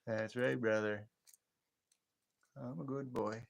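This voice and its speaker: A man's voice: mid-range voice, steady tone, takes it slowly, vocal fry. A man hosting a late-night livestream, chatting in a rambling, friendly way, chuckling often and answering viewer comments. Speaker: livestream host.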